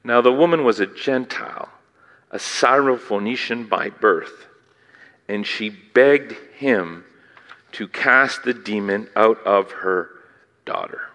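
Animated preacher in a reverberant hall. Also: male voice, lowish voice, slow pace. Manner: animated, theatrical, swings from loud to hushed; asks the listeners questions. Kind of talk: sermon.

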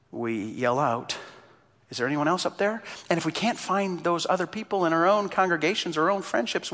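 A male pastor delivering a passionate sermon, building up to loud exclamations and telling stories. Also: a little high, big-room sound. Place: church in Canada.

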